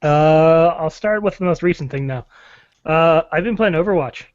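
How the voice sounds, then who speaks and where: Higher-voiced man, rambling, dull lo-fi. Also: moderate pace, smooth, no echo. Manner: rambling, filler-heavy. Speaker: podcast co-host. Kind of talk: casual gaming chat. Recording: dull lo-fi sound.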